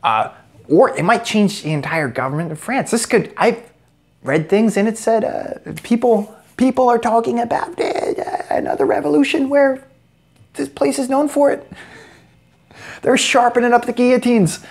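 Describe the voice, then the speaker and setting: A man's voice: very high-pitched, moderate pace, gravelly, a little mellow. An American man giving a sarcastic, joke-filled commentary vlog as a political commentator. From United States. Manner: sarcastic, joking asides.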